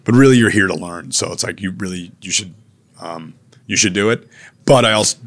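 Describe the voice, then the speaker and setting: A man's voice: sits low, brisk, fairly bright tone. A man, a chef and restaurateur, talking casually in an interview, blunt and laid-back, calling people "man" and "dude" and swearing now and then.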